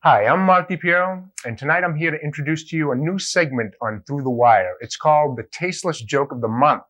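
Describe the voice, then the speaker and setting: A man hosting a comedy show, telling a joke as an animated storyteller. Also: a little high, brisk.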